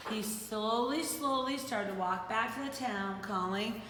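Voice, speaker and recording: A woman reading a picture book aloud to children, animated and talking to them between pages. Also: on the high side, unhurried. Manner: animated, talks to kids and plays with puppets. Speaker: children's storyteller. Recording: echoey hall with faint noise.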